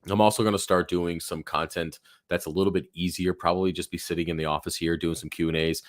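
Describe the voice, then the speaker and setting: A deep-voiced man hosts a live Q&A stream, rambling through casual talk with plenty of fillers and restarts. His voice is hoarse and fading. The sound is dry and close. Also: steady tone, fast talker, no echo. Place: home office.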